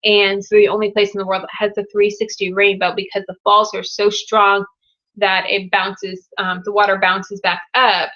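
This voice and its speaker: Young woman doing a live q&a, bright punchy voice, super excited over viewer comments, muffled webcam sound. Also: mid-range voice, moderate pace. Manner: upbeat, gushing over viewer news. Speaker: live Q&A host. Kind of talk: casual live-stream chat.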